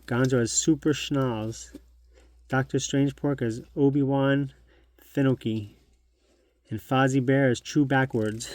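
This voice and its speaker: A man's voice: mid-range voice, fairly even intonation, a little slow, a little mellow. A middle-aged man hosting a collectibles channel, chatting casually and nostalgically as he shows an old magazine at home. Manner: chatty, nostalgic, thinks aloud. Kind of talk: casual show-and-tell narration.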